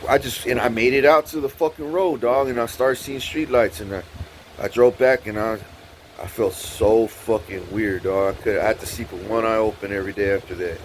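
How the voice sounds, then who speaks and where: A man's voice: moderate pace, slight background noise, rough recording. A man telling a story in a casual, profane way, often saying "dog" and "bro", his voice jumping up when he gets worked up. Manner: animated, profane, repeats "dog" and "bro", pitch jumps up when excited.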